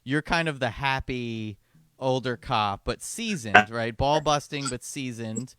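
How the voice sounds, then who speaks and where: A young adult man hosting a podcast, chatting casually and pitching an idea with lots of restarts over a call. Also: unhurried, very noisy. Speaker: podcast host. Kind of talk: casual chat.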